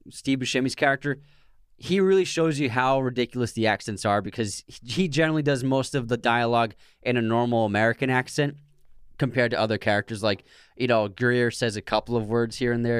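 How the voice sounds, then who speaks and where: Smooth-voiced man sharing film trivia. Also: mid-range voice, dry recording, clean studio sound. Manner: analytical, shares trivia, stumbles over words. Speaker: podcast co-host. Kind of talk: casual film discussion.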